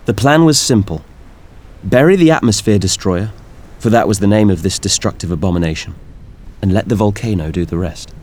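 A man reading a science fiction audiobook in measured, expressive narration. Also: fairly low pitch. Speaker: audiobook reader. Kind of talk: scripted narration.

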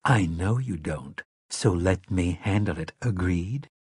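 A shrewd woman who keeps her voice low and firm, quietly taking charge, as a male narrator voices her. Her speech is hushed and steady, slightly husky. It is recorded close and dry. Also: slow pace, dry recording, heavily acted. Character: shrewd, commanding adult woman, quietly in control. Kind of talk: audiobook character voice.

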